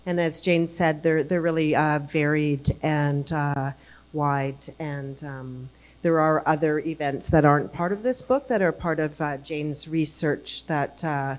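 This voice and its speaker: A woman steps in informally to thank the moderator and point out upcoming events. Her voice is quite low for a woman, and her delivery is relaxed and offhand. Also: unhurried. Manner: informal, announcing.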